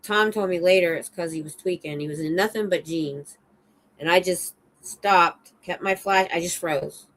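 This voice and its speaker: A middle-aged woman, a security guard hosting a casual livestream chat, telling animated stories from her work. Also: fairly low pitch, normal speed, slight background noise, rough recording. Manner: animated storyteller, acts out her own shouts.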